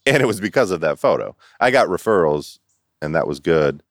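A middle-aged man with an extremely deep voice tells a story in a relaxed interview, laughing easily and jumping into the voices of the people he quotes. The sound is dry and close, with no room around it. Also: brisk, dry recording. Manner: animated storyteller who acts out quotes and laughs often. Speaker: interview guest.

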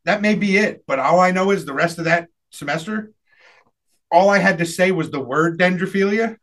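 A man's voice: high-pitched, normal speed, fairly bright tone. A man telling a rambling funny story in casual chat, laughing often and acting out the people he quotes.

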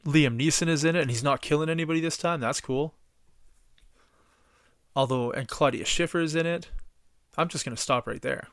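A man's voice: a little high, moderate pace, pauses often, fairly bright tone, no echo, studio quality. A man from British Columbia hosting a podcast, telling stories eagerly in casual chat and swearing freely. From British Columbia, Canada. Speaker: podcast host.

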